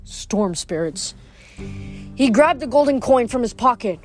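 A woman reading a novel aloud in a steady, measured narration. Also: on the high side, soft background music. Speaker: reader.

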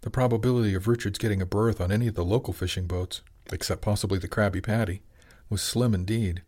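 A man narrating an audiobook chapter in an even, measured storytelling manner. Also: lowish voice. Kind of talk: scripted narration.

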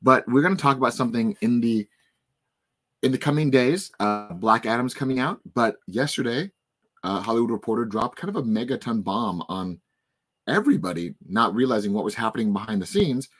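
A man in his twenties with a hoarse voice, hosting a podcast in casual chat and telling stories in an animated way. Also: medium pitch, a little fast. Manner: animated storytelling, frustrated rants. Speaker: podcast host.

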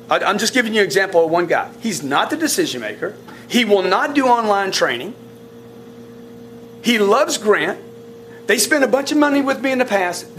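A high-pitched man gives his sales team a blunt talk in a meeting room, fired up and stumbling over restarts. A faint hiss of room noise sits under his voice. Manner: blunt, animated, repetitive restarts. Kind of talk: coaching talk to staff.

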